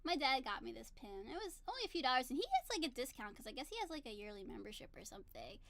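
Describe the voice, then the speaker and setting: A woman's voice: high-pitched, very animated, fast talker, gravelly, a bit bright. A woman in her thirties chatting casually to camera, telling a story in a bubbly, giggly, gushing way. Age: 30s. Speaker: vlogger. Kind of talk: casual chat.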